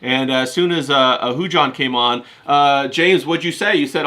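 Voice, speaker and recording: A man's voice: a little high, lively intonation, normal speed, hardly any pauses, bright, forceful tone. A man hosting a casual chat on a video call, asking curious questions of his guests. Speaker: host.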